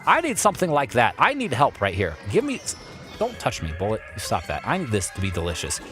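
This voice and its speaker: A man giving live commentary over his kart racing stream, playful and excitable as he chats with viewers. His pitch leaps and dips all over as he reacts. Game music plays faintly behind him. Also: fast.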